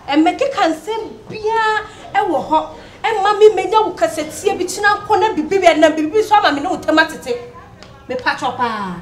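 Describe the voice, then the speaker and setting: A woman's voice: very high voice, expressive, moderate pace. An actress with a Ghanaian accent playing a defiant young woman who mocks her rival in a film drama. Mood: pleading. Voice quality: teasing, mocking delivery. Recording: echoey room.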